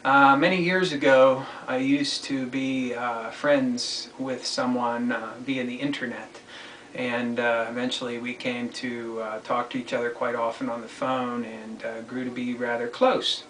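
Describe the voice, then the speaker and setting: A man hosting his own online commentary show, talking alone in a halting, deliberate way. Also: mid-range voice, level tone, a bit bright. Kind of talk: solo spoken monologue. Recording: echoey room, distant mic, faint noise.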